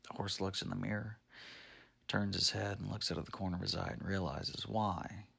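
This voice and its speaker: Low gravelly guy rambling thru a made-up bar story. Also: steady tone, normal speed, a bit bright. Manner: rambling, offhand. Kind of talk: improvised story narration. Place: at home.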